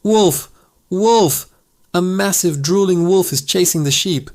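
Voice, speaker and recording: A man's voice: mid-range voice, fairly even intonation, moderate pace, natural voice. A man voicing a young prankster shepherd boy who screams in panic. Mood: mock panic. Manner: frantic screaming.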